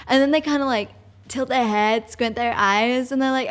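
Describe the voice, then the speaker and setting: A young woman with an Australian accent, co-hosting a casual podcast and telling stories in a bubbly, animated way. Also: high-pitched, brisk. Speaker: podcast co-host. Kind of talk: casual chat.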